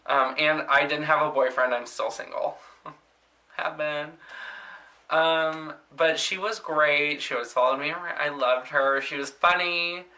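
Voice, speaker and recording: A man's voice: on the high side, steady tone, measured pace. A young man telling stories from his work as a nursing assistant in a rambling casual way, full of "like" and "um". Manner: chatty, rambling, frequent "like" and "um" fillers; mimics patients in loud exaggerated voices. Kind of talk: casual storytelling vlog.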